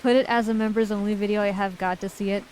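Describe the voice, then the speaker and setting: A woman's voice: medium pitch, steady tone, fast, a little mellow, slight background noise, rough recording. A woman streamer in casual chat, reading viewer messages aloud and giggling often.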